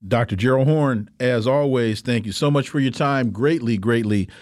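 Male talk-radio host, mid pitch, dry close-mic studio sound, crisp delivery. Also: moderate pace, darkish tone, no room sound. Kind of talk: radio talk show hosting.

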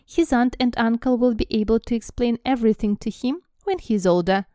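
A woman reading aloud as a calm, firm old man wizard headmaster in her own voice. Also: on the high side, a little fast, dry recording, studio quality, natural voice.

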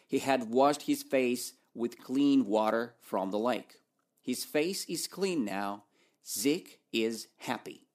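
Slow, animated male story teacher. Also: medium pitch. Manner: asks questions and answers them himself, playful. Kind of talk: question-and-answer story lesson.

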